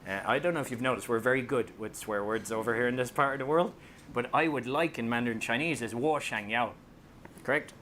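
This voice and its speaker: A man's voice: a little fast, a little hiss or hum. Joking Irish man giving a talk. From Ireland. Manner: joking, storytelling, acts out voices and rises high when excited. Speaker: author giving a talk on public speaking. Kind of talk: comic presentation to an audience.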